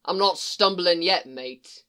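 A wry, roguish British man, the sort of occult detective who swears without thinking and charms to get his way, as an audiobook reader puts him on. His speech has a noticeably bright, forward tone and a British accent. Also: mid-range voice, slow, smooth. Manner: sardonic, wry, swears casually. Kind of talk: audiobook reading.

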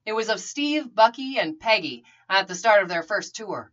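A woman narrating a story in an expressive reading voice. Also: mid-range voice, moderate pace, highs cut off. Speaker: reader.

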